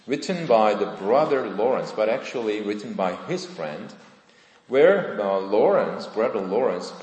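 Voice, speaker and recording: A man preaching a sermon in church, earnest and deliberate, with emphatic rises on key points. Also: lowish voice, darkish tone. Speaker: pastor. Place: church sanctuary. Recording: echoey church hall.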